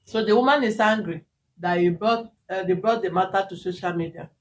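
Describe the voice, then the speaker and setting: A woman's voice: medium pitch, brisk. Nigerian woman host mediating, roomy and distant. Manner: chatty, mixes in pidgin words, lively when retelling. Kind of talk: on-camera family mediation. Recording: roomy, distant mic, faint background noise.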